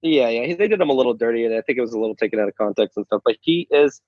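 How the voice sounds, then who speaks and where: A man's voice: medium pitch, animated, very fast, no echo. A man, a stand-up comedian guest, chatting casually in an interview, stammering and restarting often and swearing freely. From Saudi Arabia then the U.S. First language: Arabic. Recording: dull, lo-fi sound.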